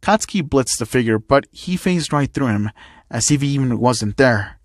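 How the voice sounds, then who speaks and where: A man's voice: medium pitch, animated, normal speed, no echo. Man narrating a fan story, dry. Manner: plain reading of stage directions.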